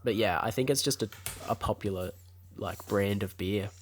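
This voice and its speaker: A man, co-hosting a podcast in relaxed, jokey casual chat. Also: on the low side, moderate pace, a little hiss or hum. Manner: relaxed and jokey, with fillers and trailing off. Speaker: podcast co-host.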